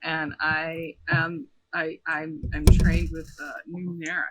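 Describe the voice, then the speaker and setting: A man's voice: on the high side, level tone, slow, very noisy. A man playing a tabletop role-playing game, hesitant and a bit dramatic. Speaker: player. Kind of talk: casual tabletop game chat.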